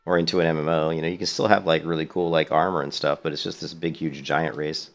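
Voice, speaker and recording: A man's voice: rumbling low, flat delivery, fast, vocal fry. A man streaming a video game, chatting casually in a rambling, profane way. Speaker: let's play streamer. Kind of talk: casual gaming commentary.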